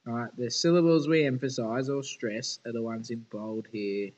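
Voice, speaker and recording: A man's voice: medium pitch, unhurried, hardly any pauses, rough recording. Male teacher, informal lesson delivery, casual and candid with students. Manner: casual, chatty and frank.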